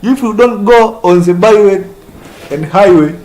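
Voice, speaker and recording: A man's voice: high voice, unhurried, darkish tone, low-quality recording. A man with an East African accent street preaching, laughing often, crude and repetitive as he scolds his listeners.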